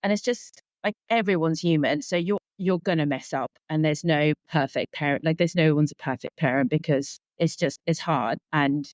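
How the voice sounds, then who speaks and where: A woman's voice: low-pitched, normal speed, hardly any pauses, darkish tone, no echo. Rambling, earnest woman in her thirties. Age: 30s. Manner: earnest, rambling, full of fillers like "like". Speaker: guest, sleep consultant. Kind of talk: casual conversational interview.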